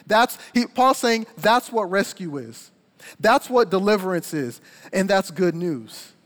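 A young man preaching a sermon, telling a personal story with energetic, emphatic delivery. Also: sits high, a little slow. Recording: long hall reverb.

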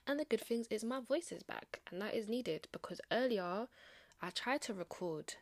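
A woman's voice: fairly low pitch, sing-song, brisk, creaky, no echo. A young woman hosting her podcast solo, chatting casually in an upbeat, motivational way with slangy asides. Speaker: podcast host.

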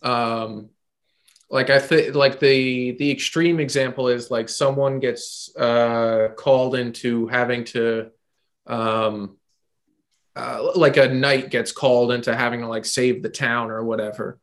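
A man co-hosting a podcast, working through an idea out loud with frequent ums and pauses. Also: mid-range voice, steady tone. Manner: thinking aloud, halting with many ums. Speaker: podcast co-host. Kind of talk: casual chat.

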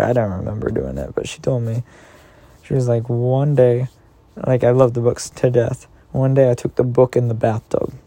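Gravelly man reading a bedtime story. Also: mid-range voice, dry recording. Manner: gentle, affectionate, slow reading.

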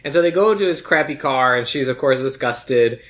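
A man's voice: medium pitch, lively intonation, fairly quick, fairly bright tone. A man co-hosting a podcast, recapping a movie in rambling, sarcastic casual chat and acting out the characters' lines. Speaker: podcast co-host.

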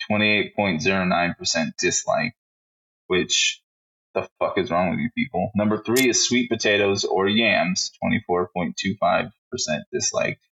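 Low, bright-voiced profane podcast guy. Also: normal speed, dull audio. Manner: profane, blunt, reads out a list. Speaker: podcast co-host. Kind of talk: casual podcast chat.

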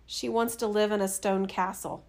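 Woman voicing a meek worried fisherman, soft and hesitant, storybook telling. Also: mid-range voice, little pitch movement, normal speed, lightly acted. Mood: reluctant. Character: timid reluctant old fisherman husband.

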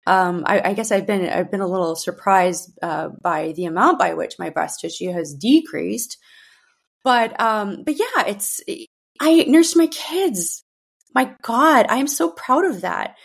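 A woman in her thirties speaks openly in a podcast monologue, her mid-range voice carrying a noticeable gravelly fry. She talks in a loose, conversational way, circling back and restarting her sentences as she thinks aloud. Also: medium pitch, expressive, unhurried. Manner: candid, conversational, many restarts and fillers. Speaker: podcast host. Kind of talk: personal monologue.

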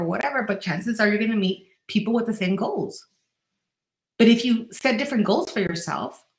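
Gravelly-voiced woman life coach, roomy echo. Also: medium pitch. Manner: earnest, direct, addresses listener as you. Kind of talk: motivational podcast monologue.

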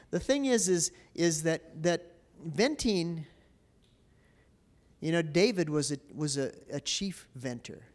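Man preaching in a conversational way. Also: on the high side. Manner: conversational preaching, asks the congregation questions, repeats words. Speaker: pastor. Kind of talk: sermon.

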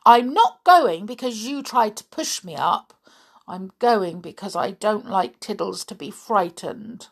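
A woman's voice: medium pitch, animated, unhurried. A woman voicing a naughty, stubborn big doll with a bossy, headstrong manner in a storybook.

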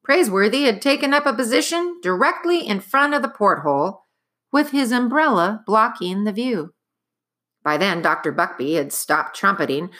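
A woman narrating a chapter book aloud in an expressive, dramatic storytelling manner. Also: on the low side, normal speed.

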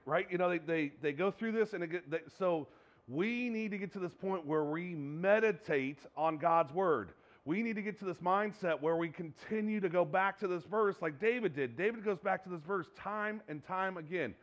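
A man preaching a sermon in an earnest, animated way, often restarting his sentences. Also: high voice, muffled recording. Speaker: pastor.

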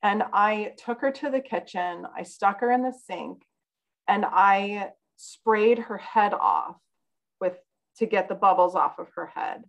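A woman's voice: medium pitch, a little slow, vocal fry, dull audio. A woman guest on a podcast, telling a personal story in an earnest, conversational way.

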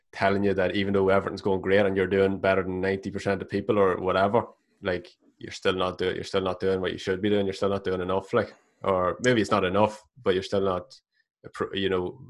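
A man speaking as a coach who is a guest on a casual podcast, talking in a measured, reflective way with many filler "like"s. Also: low-pitched, little pitch movement.

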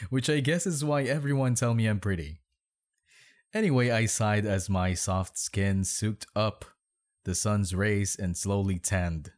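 With a fairly low, slightly mellow voice, a podcast host slowly reads bad fan fiction aloud in his bedroom. He performs it dramatically for comedy and adds sarcastic, mocking remarks.

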